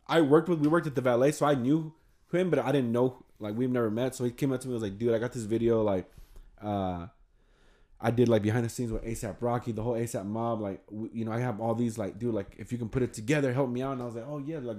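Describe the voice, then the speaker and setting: A man's voice: mid-range voice, fast talker, warm tone. Man, casual storyteller, profane, rambling. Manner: rambling, swears freely, acts out quotes. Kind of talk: casual storytelling among friends.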